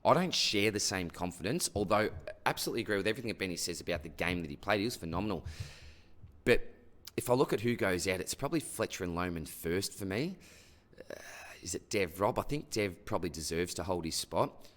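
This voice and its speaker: Here a deep-voiced Australian man moves quickly through a casual fantasy sports mailbag, responding to listener questions. He's matey and talkative, addressing each person like a longtime pal and tagging nearly every sentence with "buddy" or "mate."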